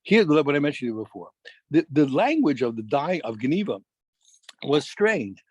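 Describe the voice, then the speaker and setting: A man teaching a daf yomi Talmud class, animated, restarting phrases and quizzing his students. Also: fairly high pitch, normal speed, husky, no echo.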